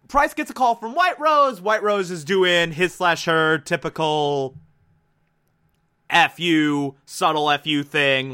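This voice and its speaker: A man with a high, bright voice gives a casual recap of a TV episode. He talks slowly and deliberately, then bursts into loud, emphatic exclamations. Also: animated.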